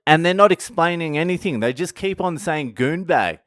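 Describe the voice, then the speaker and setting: A man from Australia with an Australian accent, telling a story in a casual, sweary, animated vlog rant and laughing at himself. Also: fairly high pitch, moderate pace, no echo, studio quality. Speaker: vlogger. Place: indoors, at home.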